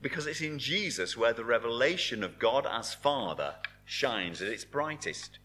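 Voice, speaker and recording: A man preaching a sermon with a bright, forceful tone. His pitch rises and falls in a lively way. He speaks earnestly and sinks to a hushed hold on the words he wants to stress. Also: normal speed, a little hiss or hum. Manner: earnest preaching, dropping to soft emphasis on key words.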